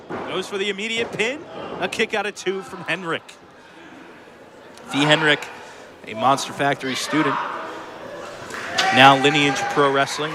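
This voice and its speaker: A man calling a live college wrestling show play-by-play on a headset, excitable and joking, correcting himself as he goes. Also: a little high, very noisy. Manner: excitable, jokey, self-correcting. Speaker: play-by-play commentator. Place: college student center wrestling event.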